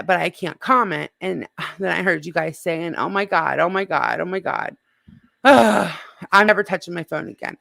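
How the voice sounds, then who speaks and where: A woman's voice: on the low side, creaky, fairly bright tone, no echo. A woman hosting a live stream in casual chat, talking in a flustered, apologetic way and swearing now and then.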